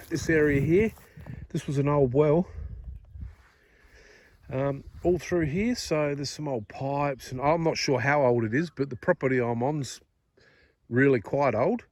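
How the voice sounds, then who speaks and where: An Australian man vlogging casually outdoors on a farm, chatting easily and talking gently to a wild animal. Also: a little high. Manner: easygoing, chatty, coos softly at an animal. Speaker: metal detecting vlogger. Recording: distant outdoor audio, noisy background.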